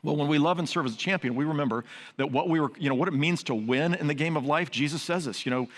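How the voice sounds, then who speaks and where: Older pastor preaching in a big sanctuary. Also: male voice, a little high, fast. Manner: earnest, conversational preaching with storytelling asides. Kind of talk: sermon. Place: large church sanctuary. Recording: long reverb of a large sanctuary.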